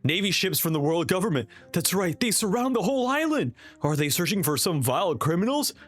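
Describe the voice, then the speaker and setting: A frightened village woman speaks in a quick, high, urgent voice, as a man puts her on. She sounds alarmed throughout. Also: big pitch swings, slightly rough, soft background music, exaggerated voice.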